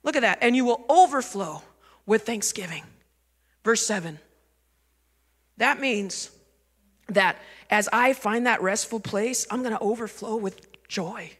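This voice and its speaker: Woman, pastor, conversational sermon, asks the crowd questions, bright voice, long church reverb. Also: medium pitch, measured pace, long pauses, husky. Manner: conversational and animated, asking the congregation questions.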